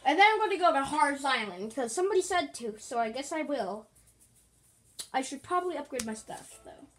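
A woman's voice: high-pitched, expressive, brisk, fairly bright tone, poor audio. A woman giving casual, rambling, playful commentary while playing a video game, with jokey asides. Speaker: gaming channel host.

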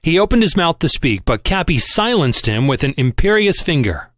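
A man narrating a novel in an expressive audiobook reading. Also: fairly high pitch, moderate pace, no echo, clean studio sound. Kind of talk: scripted narration.

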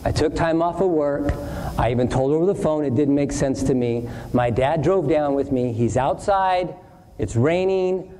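A man preaching as a pastor, telling a long personal anecdote in an animated way and acting out each voice in it. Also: fairly high pitch, normal speed. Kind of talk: storytelling sermon. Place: church hall. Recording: distant hall reverb, faint noise.

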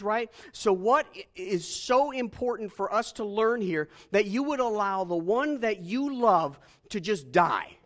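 A man preaching a sermon as pastor, animated and joking, asking the congregation questions. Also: high voice, measured pace, few pauses.

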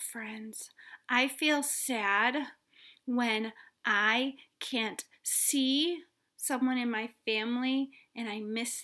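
A woman teaching preschoolers about feelings, patient and coaxing, asking the children questions. She often drops into a soft whisper and then comes back with gentle emphasis. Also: on the high side. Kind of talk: gentle lesson for young children.

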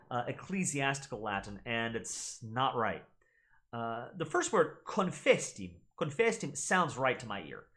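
A man who teaches Latin, explaining pronunciation in a casual, chatty way. He repeats words carefully to model them and talks straight to his viewers. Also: fairly high pitch. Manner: animated, chatty, addresses viewers directly.

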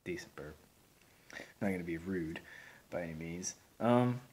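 A man's voice: sits low, a little slow, a little mellow, a little hiss or hum. A man reviewing a beer on camera in a rambling, folksy way, with lots of fillers and restarts. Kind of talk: casual video review.

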